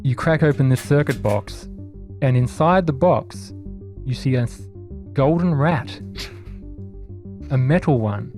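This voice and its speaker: A man's voice: medium pitch, expressive, unhurried, a little mellow, soft background music. Casual male game master narrating. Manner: casual, descriptive narration with in-character asides.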